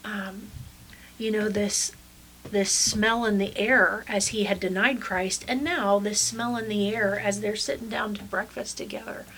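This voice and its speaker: A woman pastor speaks in an easy, reflective way, pausing and circling back with soft fillers. Her voice sits at an ordinary middle pitch. A faint hiss runs under the recording. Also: fairly even intonation, rough recording. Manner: thoughtful, unhurried, many fillers. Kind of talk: casual faith discussion.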